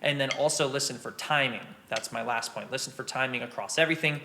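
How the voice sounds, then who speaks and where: A man with a creaky, medium-pitched voice talks fast as a drum teacher giving a casual lesson, explaining rudiments step by step and counting beats aloud. Loud snare drumming and metronome clicks sound behind him.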